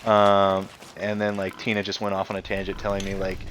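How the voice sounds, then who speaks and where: A man's voice: low voice, monotone, fairly quick, a bit bright. A young man streaming a game, venting a heated, profane story full of fillers like "like" and "I'm like". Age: young adult. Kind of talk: casual venting while gaming. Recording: noisy live stream audio.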